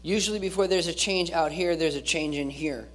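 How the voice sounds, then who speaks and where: A man's voice: a little high, fairly quick. A male pastor giving an earnest sermon, repeating key phrases and restarting his words as he preaches.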